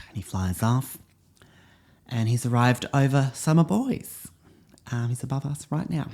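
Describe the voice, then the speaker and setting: A man's voice: medium pitch, lively intonation, measured pace, long pauses, darkish tone. A man in character as a self-important drama teacher, musing aloud in a rambling monologue. He pads his talk with ums and little asides, sure of his own expertise. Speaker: drama teacher character hosting a comedy podcast. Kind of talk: scripted comedy monologue in character.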